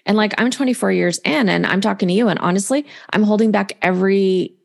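A middle-aged woman hosting an emotional podcast interview, asking gentle questions and speaking openly about her own grief. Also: mid-range voice, fairly quick, gravelly. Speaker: podcast host.

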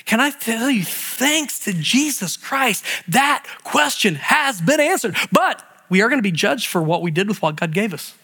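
A male pastor preaching a sermon, telling stories with animated energy and often restarting and repeating words. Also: extremely high pitch, moderate pace, few pauses, husky.

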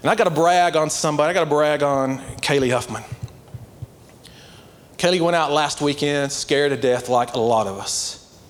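A man's voice: on the high side, moderate pace. A man preaching a sermon, telling a story conversationally and building to earnest, passionate exhortation. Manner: conversational storytelling with many "like" fillers.

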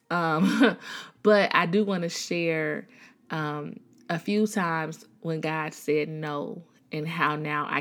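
Woman, thirties, from the Chicago area, low voice, casual faith testimony, lots of ums and restarts. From Chicago area, USA. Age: 30s. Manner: conversational, with many fillers and restarts. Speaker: Christian speaker sharing a testimony.

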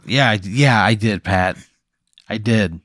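Low-key exasperated man on a podcast. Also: takes it slowly, a bit bright, no room sound, clean studio sound. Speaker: podcast co-host. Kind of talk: casual comedy banter.

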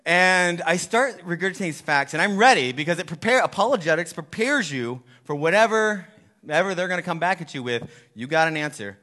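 A man's voice: fairly high pitch, animated, a little fast, bright, forceful tone. A man chatting casually and telling a personal story in a rambling, self-deprecating way.

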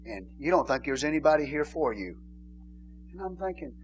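Male pastor, casual comic sermon, chuckles often, bursts into shouts; voice a bit high, faint hum behind. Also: lively intonation, fairly quick. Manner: banters and laughs with the congregation; rises to shouted emphasis. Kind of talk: informal joking sermon. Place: church sanctuary.

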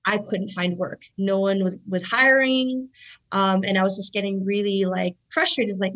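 A woman's voice: medium pitch, steady tone, moderate pace, fairly bright tone, rough recording. A woman in her thirties telling stories in a casual interview, chatty and full of fillers. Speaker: interview guest, jiu-jitsu competitor. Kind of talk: casual storytelling.

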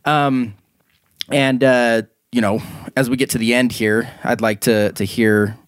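A young man hosts a podcast in a relaxed, rambling way, circling back over his words with plenty of "uh" and "you know." His voice sits in an ordinary middle register, recorded close on a studio mic with a dry, dead sound. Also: medium pitch, clear, resonant tone, no echo. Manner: rambling, halting with many fillers and laughs. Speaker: podcast host. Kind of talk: casual podcast chat.

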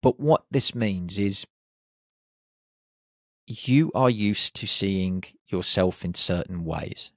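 A man's voice: on the low side, no echo, studio quality. A man hosting a podcast, talking listeners through confidence in an upbeat, encouraging way with jokey asides. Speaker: podcast host. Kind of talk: motivational podcast monologue.

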